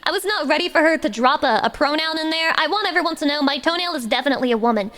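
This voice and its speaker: A woman's voice: sits high, lively intonation, racing, long reverb tail. A woman streamer ranting to her chat in a profane, sarcastic mock-mourning tone and singing along to karaoke songs. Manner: sings along loudly to backing tracks. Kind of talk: karaoke livestream with chat banter.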